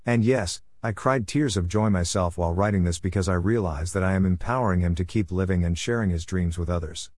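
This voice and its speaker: A middle-aged man with a very low, deep voice reads a letter aloud. His delivery is blunt and preachy, with an irreverent edge. The sound is dry and close, with no room around it. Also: brisk, hardly any pauses, a little mellow, dry recording. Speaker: podcast host.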